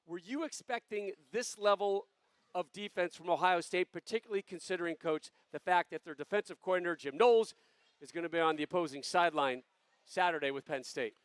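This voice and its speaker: A man's voice: sits high, a little fast, smooth, no room sound. A man hosting a live talk show in upbeat patter, rousing the audience and setting up questions. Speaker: host.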